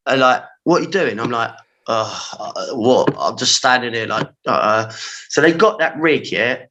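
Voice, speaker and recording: A man in his forties with a London accent tells his stories in a casual podcast chat. His voice is bright and forceful, full of slang, and he acts out his own past reactions with vivid energy. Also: medium pitch, rough recording. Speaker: podcast guest, former pirate radio engineer.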